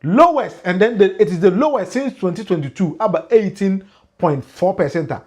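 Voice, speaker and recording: A Ghanaian man with a fairly high voice hosts a political livestream in a loose, animated style. He switches between Twi and pidgin English, and his pitch jumps up when he stresses a point. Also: normal speed, slightly rough. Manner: mixes Twi and pidgin English, laughs often, emphatic rises.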